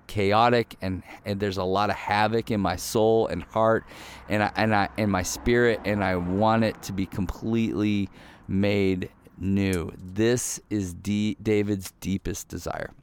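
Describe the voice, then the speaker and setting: A man's voice: lowish voice, fairly even intonation, measured pace, smooth. A man giving a casual, conversational sermon, talking loosely with lots of "like" and "right?" asides. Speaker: preacher.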